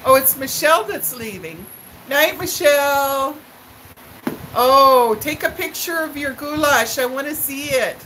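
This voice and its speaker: A woman's voice: high-pitched, expressive, bright, forceful tone, slight background noise, poor audio. A middle-aged woman hosting a live stream, telling rambling stories with fillers and answering viewer comments. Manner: slow, rambling storytelling with fillers and laughs; chats back to viewer comments. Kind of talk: casual chat to live viewers.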